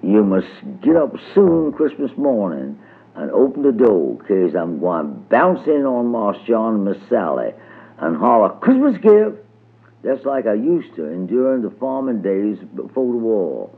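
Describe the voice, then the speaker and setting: A man's voice: on the low side, sing-song, measured pace, creaky, slightly rough, heavily acted. A man doing a kindly old storyteller. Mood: confiding. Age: older. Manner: confidential, fond. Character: old, kindly male storyteller confiding in a child. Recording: tinny old radio recording.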